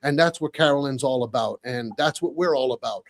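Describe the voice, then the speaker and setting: A man's voice: mid-range voice, a little fast. A man with a New York accent hosting a live podcast, chatty and effusive, greeting viewers and his guest from a studio. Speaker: podcast host.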